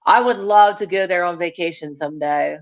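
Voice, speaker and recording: A woman's voice: fairly low pitch, fairly quick, highs cut off. A woman hosting a casual livestream, chatting with viewers and rambling through stories. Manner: rambling and chatty, many fillers and restarts. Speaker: livestream host. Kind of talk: casual chat reading viewer comments.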